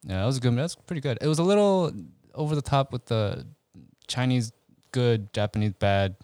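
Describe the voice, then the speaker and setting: A man in his thirties in casual chat with friends, animated, laughing often, with quick asides. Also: mid-range voice, no echo. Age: 30s.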